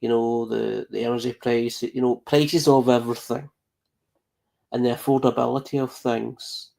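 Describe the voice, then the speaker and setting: A man's voice: medium pitch, little pitch movement, normal speed, gravelly, dark tone. A man on a live podcast panel, talking casually and rambling with many fillers and restarts.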